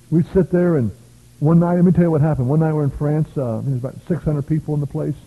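A man from the United States preaches a revival sermon, telling stories emphatically with shouts of praise breaking in. His voice is husky, on the high side, and steady, with a quick pace. The audio is tinny and lo-fi, like a phone.

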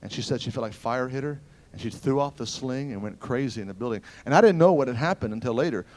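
A man preaching a sermon, telling stories in an animated way that swings from loud exclamations to hushed asides. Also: medium pitch, fast talker.

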